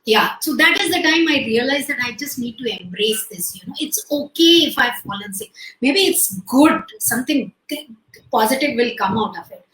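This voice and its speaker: Bright-voiced Indian woman telling her story. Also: fairly high pitch, animated, normal speed, echoey room, low-quality recording. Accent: Indian English. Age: late 40s. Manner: candid storytelling with many "like" and "you know" fillers. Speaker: guest. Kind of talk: conversational interview over video call.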